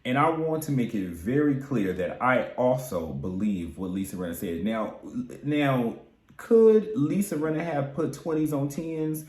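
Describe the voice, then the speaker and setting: A man's voice: medium pitch, lively intonation, unhurried, darkish tone, roomy sound. A man giving casual, sassy recap commentary on a reality show, chatty and candid with frequent asides.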